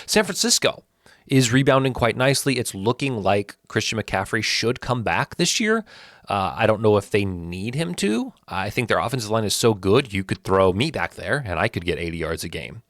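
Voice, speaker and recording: Man, 30s, sports host, animated, teasing, defiant, bouncy intonation, dry close sound. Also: on the low side, moderate pace, dry recording. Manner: animated, teasing and defiant, talking straight to viewers. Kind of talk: opinionated football rankings talk.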